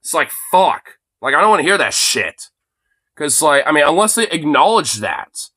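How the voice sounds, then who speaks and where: A man's voice: a little high, sing-song, normal speed, pushed and bright, no room sound. A man in his late twenties livestreaming an angry, profane rant into a phone, packed with fillers like "you know" and "dude". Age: late 20s. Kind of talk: angry ranting monologue.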